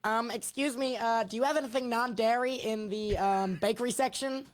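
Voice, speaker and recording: A man's voice: very high voice, steady tone, normal speed. A man voicing a brash, boastful Texan truck-lover with a put-on American Southern accent. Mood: polite.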